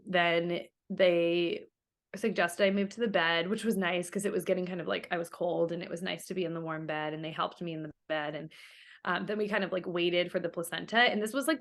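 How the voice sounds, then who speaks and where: A young woman with a medium-pitched voice tells her story as an interview guest, chatting casually with plenty of fillers and quoted remarks.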